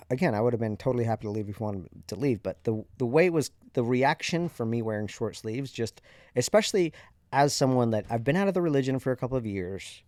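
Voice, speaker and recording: A man's voice: fairly low pitch, mellow, dry recording, clean studio sound. A man in his thirties, a podcast host, candidly and reflectively telling a personal story in a conversational way.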